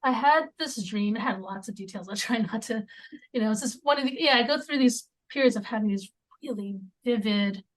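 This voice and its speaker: A woman speaking as a podcast guest in a conversational interview, halting, with many fillers and restarts. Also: a little high. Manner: drops into near-whispers at times.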